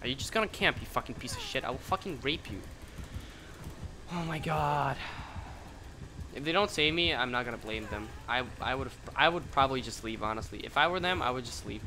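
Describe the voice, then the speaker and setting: A man giving live commentary on his own game, excitable and profane, swinging between mutters and sudden shouts. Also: medium pitch, fairly quick, background noise.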